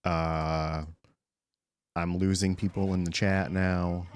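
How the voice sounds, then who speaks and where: A man streaming live, chatting casually and excitably with his chat, swearing often and greeting viewers by name. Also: deep voice, slow, clear, resonant tone.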